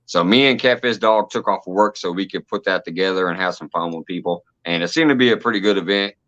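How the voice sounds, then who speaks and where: A chatty man hosts a relaxed live stream, greeting viewers and laughing along. His voice is bright and forceful. The audio comes through dull and lo-fi. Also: low-pitched, fast. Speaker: host. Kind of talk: casual live-stream chat.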